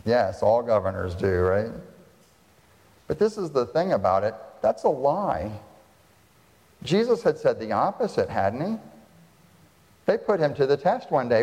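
A male pastor preaching a sermon in a church hall, lively and full of rhetorical questions. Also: medium pitch, a little slow, pauses often. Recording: long hall reverb.

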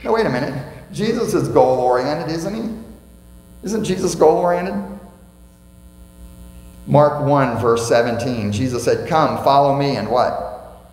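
In a church sanctuary, a male pastor delivers a sermon with emphasis, posing questions to the congregation and repeating key phrases. His voice is medium-pitched and darkish, unhurried, with long pauses. The recording has the echo of a church hall and a faint mains hum.

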